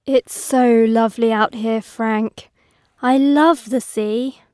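A friendly young woman, voiced by an actress in a recorded listening test. Her voice is fairly high and she speaks very slowly and carefully. The sound is dry and close. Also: steady tone, darkish tone, dry recording. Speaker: dialogue actor in a listening exam. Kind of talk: scripted dialogue reading.

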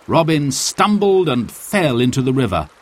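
A man reading a children's storybook aloud with slow, clear, expressive narration. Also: mid-range voice, slight background noise.

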